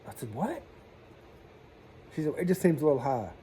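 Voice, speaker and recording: Folksy plumber telling a story. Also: male voice, on the high side, sing-song, normal speed, dark tone, a little hiss or hum. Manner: folksy, chatty, southern-style slang, acts out dialogue. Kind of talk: casual storytelling vlog.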